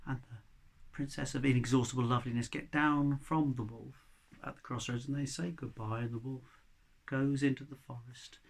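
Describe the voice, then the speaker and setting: A male storyteller telling a folk tale aloud, swinging between loud passages and hushed whispers. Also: mid-range voice, vocal fry.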